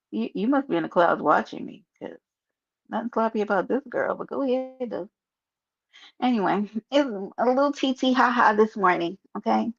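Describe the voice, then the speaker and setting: A woman's voice: mid-range voice, lively intonation, normal speed, creaky. A woman with a New York accent hosting a casual livestream, chatting sassily and reading her chat aloud. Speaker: livestream host. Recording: dull lo-fi stream audio.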